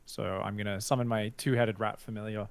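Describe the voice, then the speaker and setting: Relaxed male tabletop player. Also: fairly low pitch, a little fast, smooth, no echo. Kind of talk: casual tabletop role-play.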